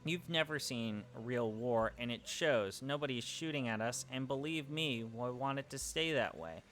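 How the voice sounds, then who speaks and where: Brief: man reading a cool-headed organizer, measured and bright-toned. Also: mid-range voice, slight background noise, lightly acted. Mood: calm. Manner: calm, measured. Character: calm, professional middle-aged male protest organizer.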